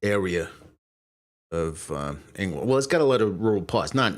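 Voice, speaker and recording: A man's voice: low voice, lively intonation, normal speed. A man hosting a casual live stream, rambling, swearing and apologizing as he loses his train of thought. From Brooklyn, New York. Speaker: streamer host.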